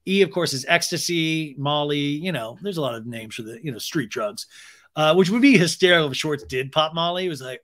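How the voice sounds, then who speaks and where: Man, comedy podcast host, young adult, lively storyteller, slightly high voice. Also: a little fast. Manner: animated, acts out quotes in funny voices; rambling asides. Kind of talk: comedic reality TV recap.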